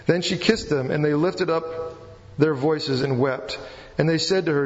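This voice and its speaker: A man preaching a sermon, reading scripture and explaining it in an earnest, halting way with frequent restarts. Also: on the high side. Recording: muffled, with long hall reverb.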